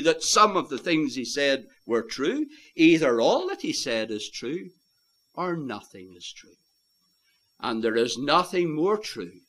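Man, preacher, sermon, fairly high voice, swoops widely, impassioned repetition. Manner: impassioned, rising to loud emphatic peaks, repeats phrases for stress; quotes scripture in old-fashioned wording. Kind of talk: evangelistic sermon.

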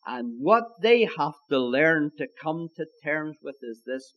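Slow, lively Irish preacher. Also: male voice, a little high, lo-fi sound. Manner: emphatic, repeats key lines, addresses listeners as "my friends". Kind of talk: sermon.

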